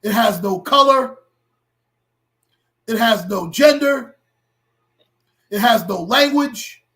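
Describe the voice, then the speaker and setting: A middle-aged man hosting a livestream and talking to his chat, impassioned and blunt, with profanity that builds into shouting. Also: sits high, animated, slow pace. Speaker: livestream host.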